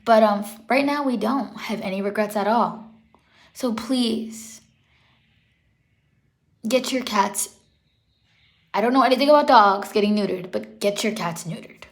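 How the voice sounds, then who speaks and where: A woman's voice: mid-range voice, unhurried, long pauses. A young woman talking casually in a vlog, earnest and rambling, correcting herself as she goes, emotional and holding back tears. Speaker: pet vlogger.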